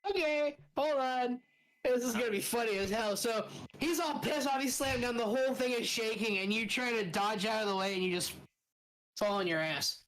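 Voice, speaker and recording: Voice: medium pitch, normal speed, fairly bright tone, poor audio. A dungeon master running a casual tabletop game, playful and laughing at the players' bad luck, breaking into monster growls.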